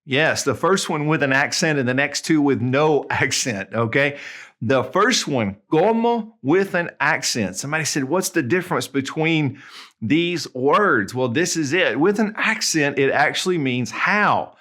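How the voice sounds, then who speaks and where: A man with a Southern US accent, teaching in a casual video lesson, chatty and friendly, spelling out examples slowly. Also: fairly high pitch, expressive, fairly bright tone. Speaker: Spanish tutor.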